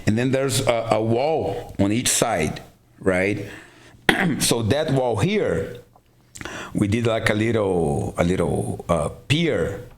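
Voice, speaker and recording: A man's voice: lowish voice, slow. A man from Rio de Janeiro with a Brazilian Portuguese accent, a guest on a casual podcast, telling a story with lots of "blah, blah" and acted-out dialogue. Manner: animated storyteller, acts out dialogue, fills with "blah, blah". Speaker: guest, jiujitsu instructor. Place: garage podcast studio.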